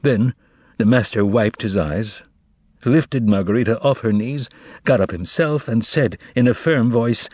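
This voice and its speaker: A man narrating an audiobook novel in a measured, expressive storytelling manner. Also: mid-range voice, no room sound. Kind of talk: scripted narration.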